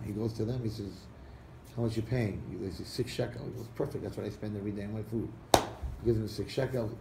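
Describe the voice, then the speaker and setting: A man, a rabbi, telling a parable to an audience and acting out the characters' lines with lively shifts. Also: fairly low pitch, gravelly. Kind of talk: storytelling talk to an audience. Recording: echoey room recording with faint background noise.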